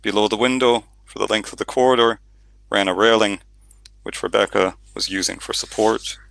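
A male audiobook narrator with a gravelly, fry-laden voice that still has a bright, forceful edge. He sits slightly low in pitch and tells the story steadily. The recording is dry and close. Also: normal speed, no echo. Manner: steady storytelling with occasional reading slips. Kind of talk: scripted narration.

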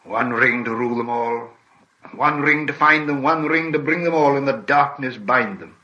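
A man voicing an ancient wizard in an audiobook reading, with a hushed, measured delivery. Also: medium pitch, highs cut off, pitched above the performer's own voice, close to an everyday voice. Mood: grave. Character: ancient grave male wizard, solemn and commanding.

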